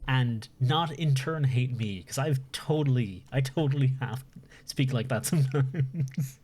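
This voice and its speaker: A man's voice: mid-range voice, unhurried, a little mellow, husky. Rambling Irish man streaming. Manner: rambling, restarts and corrects himself. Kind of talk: casual live-stream chat while gaming.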